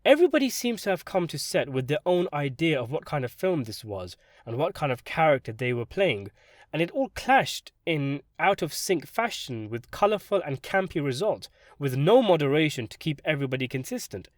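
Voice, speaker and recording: Sarcastic guy doing a movie review, lively up and down voice, dry close mic. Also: on the high side, moderate pace, no echo. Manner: sardonic, animated delivery with sudden jumps for emphasis. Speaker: film critic. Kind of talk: scripted film review.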